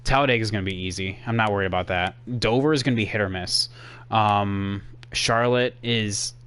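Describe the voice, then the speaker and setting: A man's voice: fairly low pitch, a bit bright, clean tone. A young man casually commentating his racing game stream for his chat, sarcastic and easily exasperated, rambling with fillers.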